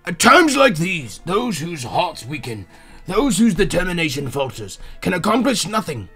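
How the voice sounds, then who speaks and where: A man reading game dialogue in a slow, solemn voice as a repentant former villain. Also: high-pitched, big pitch swings, sharp tone, faint music behind, exaggerated voice. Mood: resolute.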